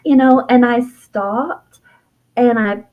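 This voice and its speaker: A woman's voice: on the high side, takes it slowly, narrow, tinny audio. Heartfelt woman telling a personal story. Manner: heartfelt, reflective, frequent fillers and soft laughs. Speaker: guest, herbalist and author.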